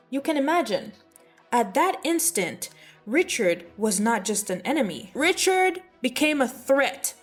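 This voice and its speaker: A woman with a fairly high voice whose pitch swings up and down as she chats. She tells history like juicy gossip, sassy and playful, over soft background music. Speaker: history vlogger. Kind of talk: casual chatty storytelling.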